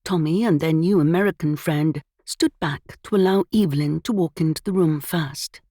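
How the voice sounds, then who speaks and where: A woman narrating a cozy mystery audiobook with lively, expressive storytelling. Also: low voice, moderate pace, no room sound, studio quality.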